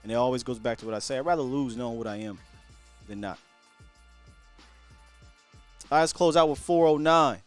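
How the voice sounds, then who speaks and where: A man's voice: medium pitch, fast, no echo, soft background music. Give me a man hosting call-in sports radio, punchy and emphatic, with a dry close sound. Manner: fired-up, emphatic opinions. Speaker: sports talk radio host.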